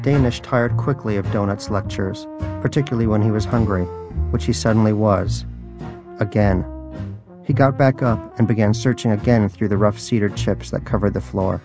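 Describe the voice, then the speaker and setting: A man's voice: on the low side, normal speed, over music. A man reading a story aloud with a dry, wry storytelling manner. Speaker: narrator. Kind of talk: audiobook narration.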